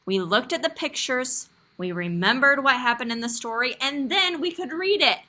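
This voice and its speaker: Bright-voiced woman teaching online. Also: high voice, moderate pace. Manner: warm, encouraging, expressive storytelling voice. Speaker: kindergarten teacher. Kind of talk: online class lesson. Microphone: video call.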